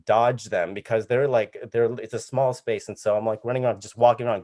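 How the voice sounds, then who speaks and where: Animated man telling a funny story. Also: on the low side, fairly quick. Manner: animated, acts out voices and laughs mid-story. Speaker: comedian guest. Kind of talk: storytelling anecdote. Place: home video call.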